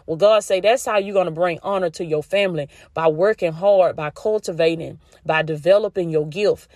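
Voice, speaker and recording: A woman's voice: fairly low pitch, moderate pace, darkish tone, no echo, clean studio sound. Folksy Southern woman giving a faith talk. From Southern United States. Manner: folksy and down-home, addresses listeners as "baby" and "y'all"; repeats phrases for emphasis. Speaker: podcast host. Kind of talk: faith-based motivational talk.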